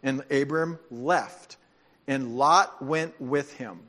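A man preaching a sermon as pastor, telling stories with animation and dropping into soft, earnest tones. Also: mid-range voice, slow pace.

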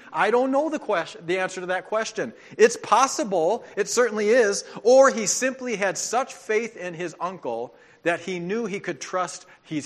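Speaking in a high voice, a man delivers a sermon as a pastor; his storytelling is animated, though at times he drops to a soft, earnest tone.

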